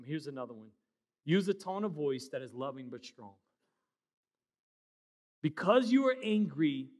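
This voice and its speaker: A middle-aged man preaching a sermon as pastor, loud and emphatic with quieter asides. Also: a little high.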